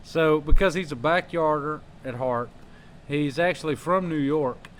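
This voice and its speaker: A man's voice: on the high side, unhurried, slight background noise. A man hosting a wrestling podcast, telling long joking stories in casual chat. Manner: rambling, joking storyteller.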